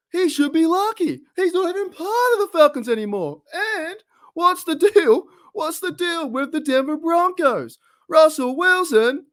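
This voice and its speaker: A man's voice: very high-pitched, bright, forceful tone, pitched above the performer's own voice, full character voice. A man with an Australian accent doing an impression of a whiny male stand-up comic, firing off indignant rhetorical questions.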